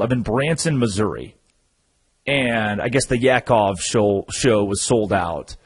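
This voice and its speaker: Animated husky-voiced sports radio host. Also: male voice, medium pitch, low-quality recording. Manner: animated, storytelling, emphatic. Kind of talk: talk radio monologue.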